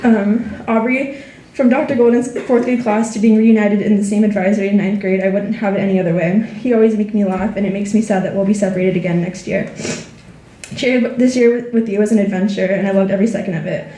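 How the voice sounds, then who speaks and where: Brief: teen girl, senior speech, tearful and heartfelt, mellow voice, echoey room. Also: mid-range voice, fairly even intonation, fast, far from the mic. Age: teens. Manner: heartfelt, reading thank-yous. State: tearful, near crying. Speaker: graduating student. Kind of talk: senior speech read aloud.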